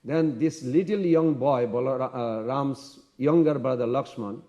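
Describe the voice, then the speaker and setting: A man giving a devotional scripture lecture, telling the story in an animated way. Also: mid-range voice, unhurried, vocal fry. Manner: storytelling, animated, acts out characters. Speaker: lecturer at a temple class.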